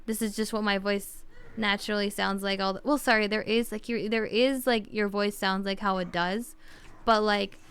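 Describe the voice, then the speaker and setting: A woman's voice: medium pitch, fairly even intonation, normal speed, a bit bright, clean tone. A woman streamer chatting casually on a livestream, thinking aloud and rambling with lots of fillers.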